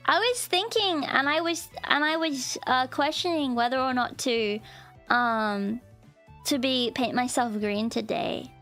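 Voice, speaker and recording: A woman's voice: high voice, a little slow, a bit bright, faint music behind. A woman streamer chatting with her viewers in a bubbly, giggly way, rambling with lots of "like". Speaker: streamer, VTuber. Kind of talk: casual live-stream chat.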